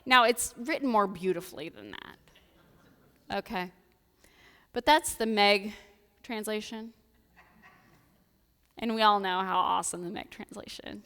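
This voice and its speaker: A woman's voice: mid-range voice, measured pace, long pauses, bright, forceful tone. A woman with an American Midwestern accent giving a casual, chatty sermon from the pulpit, dropping playful asides. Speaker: preacher. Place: church sanctuary. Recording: reverberant church hall.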